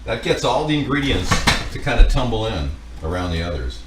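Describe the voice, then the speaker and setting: Lively, rambling man cooking at home. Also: on the low side, fairly quick, recorded from a distance, very noisy. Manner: rambling, chatty, jokey. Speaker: cooking livestream host. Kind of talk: casual chat answering viewer comments. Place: home kitchen.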